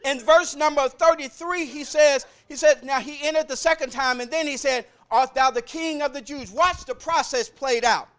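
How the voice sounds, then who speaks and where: A man's voice: very high-pitched, normal speed, few pauses. A man preaching a sermon in a church, repeating lines in rhythm and calling out to the congregation. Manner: rhythmic call-and-response preaching that builds to shouting.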